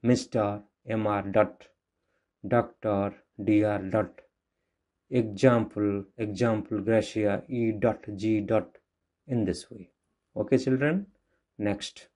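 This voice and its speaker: A man with an Indian English accent teaching a grammar lesson to children, explaining slowly and repeating himself. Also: lowish voice, steady tone, darkish tone. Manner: slow, repetitive explaining with restarts.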